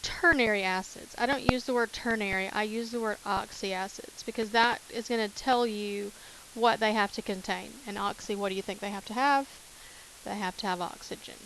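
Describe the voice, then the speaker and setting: A woman's voice: mid-range voice, moderate pace, fairly bright tone, slight background noise, rough recording. A woman teacher talking through chemistry notes in a casual way, repeating key terms with many fillers. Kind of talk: recorded lecture over notes.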